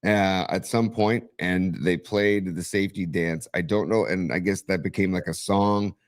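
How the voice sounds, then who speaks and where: A man's voice: deep voice, fairly even intonation, normal speed. A man co-hosting a sports podcast in casual chat, talking in a rambling, hedging way. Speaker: podcast co-host.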